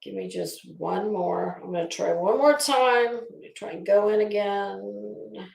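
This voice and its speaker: A woman's voice: medium pitch, measured pace, gravelly, a little mellow, reverberant. A woman hosting a casual livestream, talking straight to her chat in a chatty, opinionated way. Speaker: livestream commentary host. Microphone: phone.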